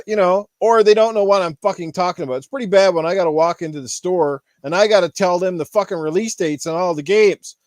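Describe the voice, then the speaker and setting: This podcast host from Newfoundland, Canada, has a somewhat high voice and cusses up a storm in a casual, heated rant, mocking store clerks with put-on voices. The sound is completely dry.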